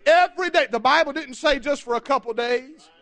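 Casting note: male pastor, very high, piercing tenor, fiery shouted sermon, keeps calling for amens. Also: fairly quick, creaky. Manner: shouting preacher, repeated "amen" and "my friend".

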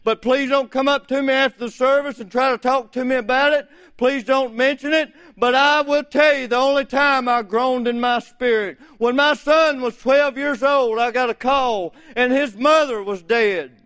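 A middle-aged man preaching a folksy, fervent sermon in a church, rising to shouts. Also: extremely high pitch, fairly even intonation, normal speed, few pauses, smooth. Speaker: visiting preacher.

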